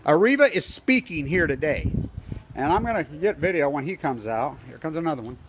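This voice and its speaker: An agitated man rants into a handheld camera outdoors at a street protest, his voice sitting a little high for a man. He rambles from point to point with a conspiratorial edge, and faint traffic hums behind him. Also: expressive, fairly quick. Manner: agitated, conspiratorial, tells stories with quoted dialogue. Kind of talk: self-filmed protest vlog, rambling commentary. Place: outdoors on a street outside an office building.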